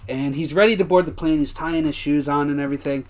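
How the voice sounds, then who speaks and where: A young man with a slightly raised pitch co-hosts a laid-back recap podcast. He talks in an animated way, swears freely and keeps breaking into laughs while acting out lines. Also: fast. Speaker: podcast co-host. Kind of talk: casual recap chat.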